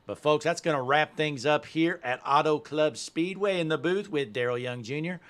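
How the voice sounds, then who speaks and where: A man's voice: fairly high pitch, moderate pace, fairly bright tone. A man hosting a sim racing broadcast, wrapping up with upbeat, folksy broadcaster patter. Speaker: play-by-play host.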